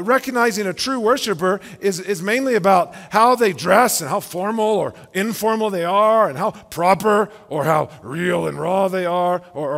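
A man's voice: high voice, a bit bright. A man preaching a sermon as pastor, emphatic, asking rhetorical questions and repeating words as he builds his points. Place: church sanctuary. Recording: long church-hall reverb.

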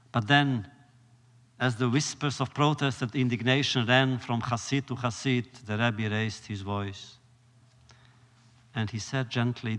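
A man giving a storytelling lecture, measured and solemn with dramatic pauses. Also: mid-range voice, fairly even intonation, fairly bright tone. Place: lecture hall. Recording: long reverb of a lecture hall.

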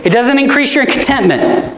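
Lively, echoey preacher in a church. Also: high-pitched, normal speed. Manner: conversational preaching, asks the audience "right?" often; emphatic, with rhetorical questions. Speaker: pastor. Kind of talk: sermon. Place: church sanctuary. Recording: roomy church echo.

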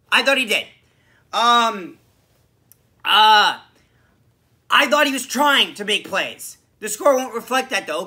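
A man hosting a solo hockey podcast, ranting about a loss with sarcasm and swearing, a bit hoarse from screaming. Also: high voice. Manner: animated, swearing, frustrated, sarcastic. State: losing his voice from screaming. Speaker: podcast host. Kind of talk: solo sports reaction rant.

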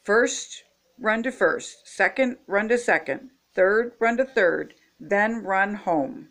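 A gentle, patient frog father from a picture book, voiced by a grandmother reading aloud. He explains each step slowly and carefully. The voice sits in a middle pitch with no rush. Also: animated. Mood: coaxing. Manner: slow, careful instructing.

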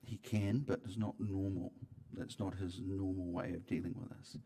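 This church sermon comes from a pastor whose voice is on the low side. His delivery is conversational, full of restarts, moving from booming emphasis to hushed side comments.

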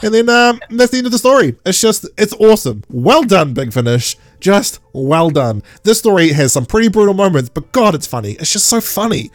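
A man hosting a casual podcast, excitable and laughing often as he retells scenes and acts out quotes. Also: high-pitched, fairly quick, hardly any pauses, no echo. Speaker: podcast host.

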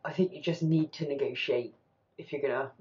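A woman's voice: rumbling low, a little fast, highs cut off, over loud music. A woman hosting a TV reaction channel, talking candidly and with animation, swearing casually as she reacts.

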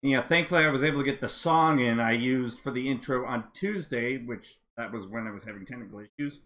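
A man live-streaming a racing game, chatting casually and reacting with excitable exclamations. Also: mid-range voice, fairly quick. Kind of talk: casual live-stream chat while gaming.

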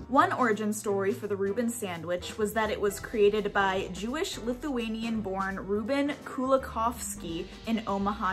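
Chatty woman cooking in her kitchen. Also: on the high side. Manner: chatty, explains each step plainly. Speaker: cooking vlogger. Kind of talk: casual step-by-step cooking talk. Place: home kitchen.

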